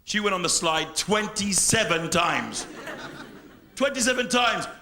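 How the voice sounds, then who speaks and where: A middle-aged English man performing a live stand-up routine, animated, swinging between loud bursts and low mutters. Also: measured pace. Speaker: stand-up comedian.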